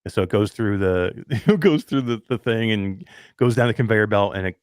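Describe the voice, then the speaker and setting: A man's voice: on the low side, normal speed, no echo, clean studio sound. A man co-hosting a casual talk show, telling stories in a rambling way with lots of fillers and laughing at himself. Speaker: podcast co-host. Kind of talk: casual chat.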